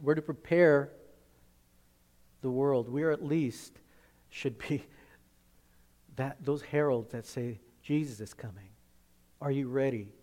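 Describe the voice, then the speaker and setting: A male pastor preaching a sermon emphatically, swinging from loud, forceful lines to hushed ones. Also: mid-range voice, steady tone, slow, pauses often.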